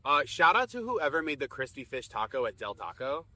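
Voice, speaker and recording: A man from Rhode Island with a New England accent, talking as a comedian guest on a podcast. His speech is quick and bright, full of playful griping, recorded dry and close. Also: mid-range voice, big pitch swings, no echo. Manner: quick, chatty, complaining banter.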